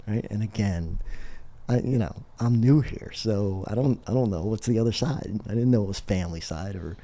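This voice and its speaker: A man's voice: fairly low pitch, moderate pace. A middle-aged man, a podcast guest, telling a story in casual conversation and often laughing as he talks. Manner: animated, laughs through his story.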